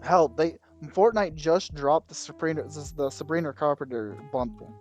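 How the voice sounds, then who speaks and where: Rambling, slightly high-voiced podcast guy. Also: normal speed, darkish tone, soft background music. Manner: rambling, loses his train of thought, mild swearing. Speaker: podcast co-host. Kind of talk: casual chat.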